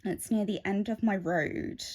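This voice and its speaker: A woman's voice: medium pitch, unhurried, a little mellow. Chatty woman rambling while she stitches. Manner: rambling, chatty, with many asides. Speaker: craft vlogger. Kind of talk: casual chat while stitching. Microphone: phone.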